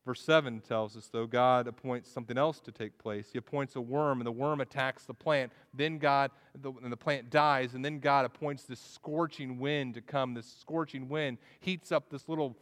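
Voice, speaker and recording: A man's voice: medium pitch, fairly even intonation, moderate pace, hardly any pauses, a bit bright. A man preaching a sermon in an earnest way, often restarting his phrases. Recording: long echo of a large hall.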